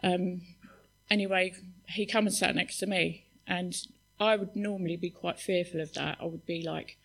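A woman giving a heartfelt church testimony, halting and restarting as she speaks. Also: lowish voice, steady tone, vocal fry, low-quality recording. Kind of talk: spoken testimony at a church service.

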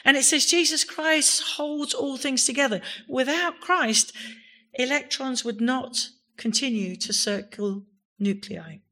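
A woman's voice: high voice, a little slow, bright, forceful tone. Emphatic woman preaching a sermon. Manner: emphatic, rising to exclamations on key words. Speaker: pastor. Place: church.

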